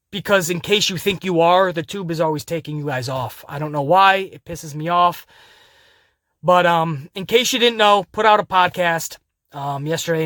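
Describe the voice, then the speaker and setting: A man with a fairly high voice hosts a wrestling recap podcast. He talks in an animated, casual way, curses freely and laughs at his own jokes. The sound is dry and close to the mic. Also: no echo. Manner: animated, laughing, profane, addresses listeners as guys. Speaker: podcast host.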